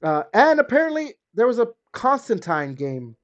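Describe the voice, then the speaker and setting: Very animated yet moderately paced, a man hosts a laid-back gaming podcast, full of fillers and hedging, his pitch swinging up and down. It's recorded with a slightly dull, lo-fi sound.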